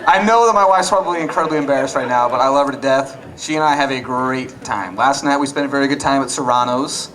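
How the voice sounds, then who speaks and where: A man's voice: medium pitch, fast talker, hardly any pauses, fairly bright tone, rough recording. A young man doing a stand-up comedy set, acting out both sides of arguments with his wife. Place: comedy club stage. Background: audience laughter.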